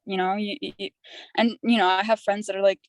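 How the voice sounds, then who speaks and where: A woman's voice: medium pitch, little pitch movement, brisk, dry recording, rough recording. Chatty young woman guest, dry sound. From Canada. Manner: rambling, chatty storytelling. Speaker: podcast guest. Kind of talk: candid casual conversation.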